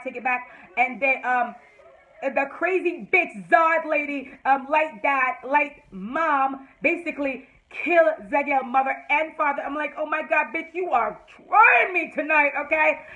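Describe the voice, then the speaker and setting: A woman vlogger giving a chatty, animated recap of a TV episode, full of fillers and restarts. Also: a little high, muffled recording. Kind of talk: casual recap talk to camera.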